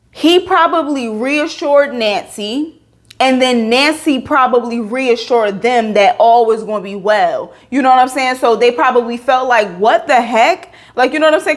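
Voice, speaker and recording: A young woman reviewing a reality show in a casual vlog, chatty and exasperated. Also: high-pitched. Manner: animated, exasperated, chatty with fillers.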